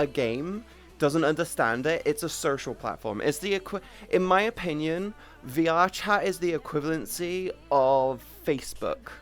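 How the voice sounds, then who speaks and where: A woman livestreamer in casual chat with viewers, rambling and chatty, breaking off to greet people, on a headset mic. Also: low-pitched. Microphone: headset boom mic.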